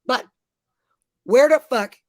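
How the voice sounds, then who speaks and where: A woman's voice: high voice, slow pace, a little mellow, no room sound. Foul-mouthed woman telling road-trip stories. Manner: profane, rambling storyteller. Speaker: parent telling travel stories. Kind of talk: casual chat.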